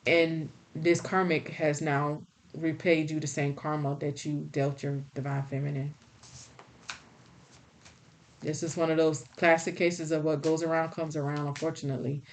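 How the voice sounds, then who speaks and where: A woman with a fairly low voice gives a spiritual tarot reading. She talks straight to the listener in a blunt, scolding, folksy way. A faint background hiss runs under the recording. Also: flat delivery, normal speed. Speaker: tarot reader.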